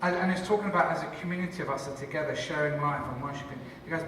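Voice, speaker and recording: A man's voice: a little high, racing, a bit bright, far from the mic, slight background noise. Man, church leader, enthusiastic conference talk, joking, echoey hall, long reverb. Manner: enthusiastic, joking, chatty with the audience. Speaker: church leader and cafe founder. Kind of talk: conference talk to a live audience.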